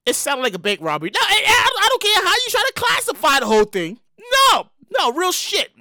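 A man hosting his own podcast, telling a story in an excitable, slangy and profane way. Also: extremely high pitch, moderate pace, no echo, clean studio sound. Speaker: podcast host. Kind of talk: casual comedic podcast monologue.

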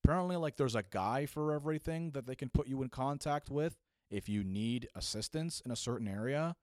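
Animated young man telling a comic story. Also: medium pitch, brisk, no room sound, studio quality. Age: young adult. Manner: animated, acts out voices, casual filler. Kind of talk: comedic storytelling.

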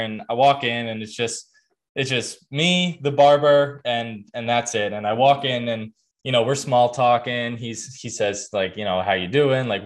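A young adult man hosting a podcast, telling a story in a casual, earnest way with lots of fillers and restarts. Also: mid-range voice. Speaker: podcast host.

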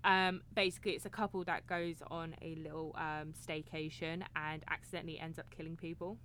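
A woman's voice: low voice, level tone, fairly quick, fairly bright tone, a little hiss or hum. Giggly British woman chatting. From England. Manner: giggly, swearing freely. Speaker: podcast co-host. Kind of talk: casual chat.

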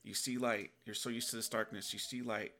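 A young adult man with a low, forceful voice talks casually to his viewers. He acts out inner dialogue with sudden animated outbursts. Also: brisk. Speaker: self-help video host. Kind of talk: casual spoken reflection to camera.

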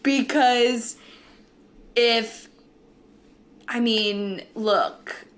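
A young woman co-hosting a casual sports podcast, talking chattily with quick asides and easy laughs. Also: fairly high pitch. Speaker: podcast co-host.

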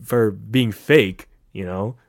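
A young man from the San Francisco Bay Area co-hosting a podcast, chatting casually and telling animated stories with lots of "like.". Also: on the low side, slow pace, creaky, no room sound, studio quality. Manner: animated storyteller, heavy use of "like". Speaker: podcast co-host. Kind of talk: casual chat.

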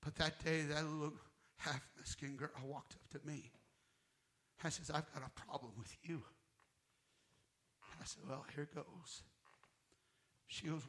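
A male guest minister preaching a sermon, telling his own story with emotion, swinging from fervent loud passages to hushed near-whispers. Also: on the high side, fairly even intonation, measured pace, long pauses. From United States. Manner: emotional testimony, voice rising to loud fervor and dropping to near-whisper.

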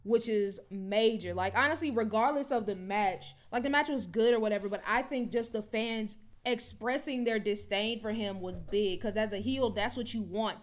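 A woman co-hosting a podcast, chatting casually and animatedly about wrestling, with lots of "like" and "low-key". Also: moderate pace, hardly any pauses. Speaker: podcast co-host.

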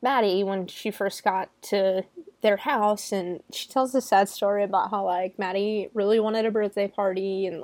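Giggling and peppering her talk with "like," a young movie reviewer chats her way through a horror movie recap. Her voice sits at medium pitch and is a little mellow, on a dry recording.

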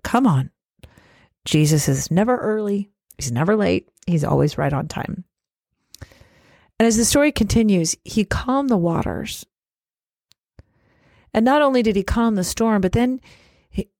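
A woman's voice: lowish voice, a little mellow, dry recording, clean studio sound. A middle-aged woman hosting a faith-based motivational podcast, speaking earnestly and encouragingly straight to the listener. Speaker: podcast host.

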